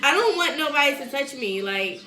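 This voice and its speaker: Animated high-voiced woman telling a story. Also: moderate pace, reverberant. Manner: animated, laughs often, acts out quotes. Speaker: host. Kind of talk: casual storytelling chat.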